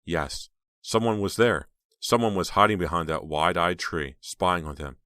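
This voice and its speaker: A man narrating an audiobook in a steady, measured voice. His voice is very low and deep, and the recording is dry and close with no room sound. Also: smooth, dry recording. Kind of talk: scripted narration.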